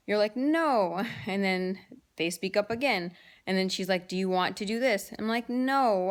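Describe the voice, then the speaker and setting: A woman in her thirties chatting casually to camera, telling amused family stories with lots of fillers and restarts. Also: on the low side. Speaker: vlogger telling home stories. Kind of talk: casual storytelling monologue.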